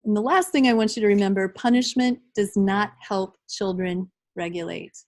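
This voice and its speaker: A woman's voice: mid-range voice, moderate pace, rough recording. Conversational woman leading a workshop. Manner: conversational, addresses the group directly. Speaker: trainer. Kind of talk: live workshop training.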